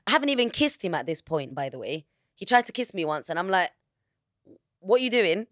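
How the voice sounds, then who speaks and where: A woman's voice: fairly low pitch, very animated, quick pace, fairly bright tone, no room sound, clean studio sound. A woman, a podcast guest telling a personal story candidly in frank, slangy words. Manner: frank, slangy, vivid retelling.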